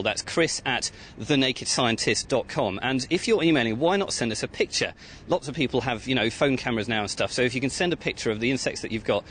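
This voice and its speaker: A man's voice: mid-range voice, a bit bright, slight background noise. A man reporting live on radio from a field site, enthusiastic, quizzing children and urging listeners to join in. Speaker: outside-broadcast reporter.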